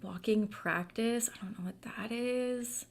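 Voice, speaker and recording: A woman's voice: a little high, measured pace, gravelly. A woman hosting a book club livestream, chatting casually and reading viewer comments aloud with lots of fillers.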